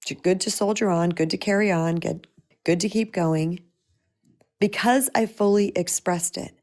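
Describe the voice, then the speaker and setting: A woman's voice: fairly low pitch, moderate pace, a little mellow. A middle-aged woman, a spiritual empowerment coach, speaking in a heartfelt, personal way to viewers of a live-streamed talk, with frequent restarts.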